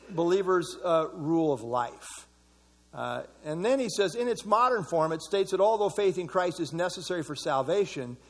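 A man with a voice that sits high leads an evening church Bible study casually and conversationally, commenting on verses and asking the group for their thoughts.

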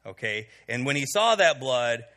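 A man's voice: mid-range voice, sing-song, normal speed, bright, forceful tone. A man teaching a Bible study to a live group, talking in a conversational way with many "okay"s and fillers and asking the room questions. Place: before a live audience in a room.

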